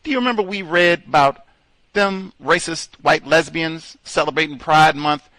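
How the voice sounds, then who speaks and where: A male host giving an animated, mocking commentary monologue, slipping into put-on voices. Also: fairly high pitch, moderate pace, no echo.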